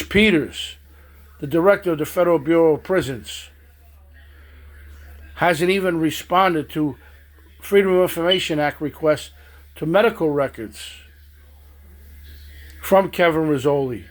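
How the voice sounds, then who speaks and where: A man delivers a stern political monologue, calling out people directly. His voice sits on the higher side for a man. He speaks with an accusatory edge, in slow, measured phrases. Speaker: political commentator.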